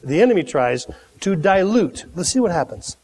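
Male preacher, high and animated, talks conversationally and builds to loud peaks, echoey hall. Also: normal speed, breathy edge. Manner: animated, conversational, dramatic swings in volume. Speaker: pastor. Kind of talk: sermon.

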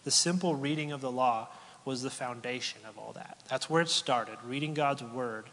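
A man's voice: medium pitch, moderate pace, fairly bright tone, big-room sound, rough recording. A man preaching a sermon as a pastor, talking conversationally with fillers and repeated words.

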